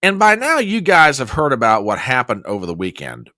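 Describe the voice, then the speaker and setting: A man's voice: medium pitch, huge pitch swings, fairly quick, bright, forceful tone, no room sound, clean studio sound. A man hosting a casual news commentary show, rambling with sarcastic, joking asides. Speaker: host.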